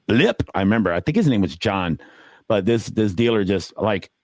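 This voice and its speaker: A middle-aged man with a low voice spins stories in a relaxed, profane way. He jumps high in pitch whenever he acts out what someone said. The recording is dry and close, with no room sound. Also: a little fast, no echo. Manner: animated, swears freely, acts out quotes with big jumps in pitch. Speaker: poker dealer telling stories on a podcast. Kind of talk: casual storytelling.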